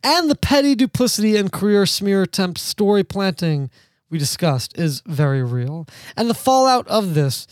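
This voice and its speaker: A man's voice: high voice, sing-song, moderate pace, dry recording. A man hosting a podcast in casual chat, sardonic and rambling, laughing often. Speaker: podcast host.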